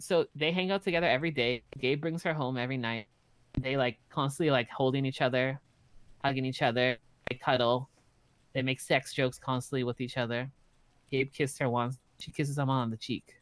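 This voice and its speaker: A man in casual in-character roleplay chat, blunt and profane, telling stories in an animated way. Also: mid-range voice, a little fast, clean tone, dry recording. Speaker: roleplay streamer.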